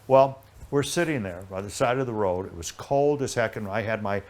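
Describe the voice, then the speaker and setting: An older man, a guest in an interview, telling a long anecdote in a lively, rambling way with many restarts. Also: lowish voice, moderate pace. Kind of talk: casual anecdotal storytelling.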